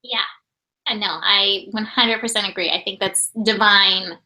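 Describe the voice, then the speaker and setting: A woman co-hosting a casual spiritual chat, reading astrology symbols aloud with quick, agreeable enthusiasm. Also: medium pitch, steady tone, pushed and bright, low-quality recording.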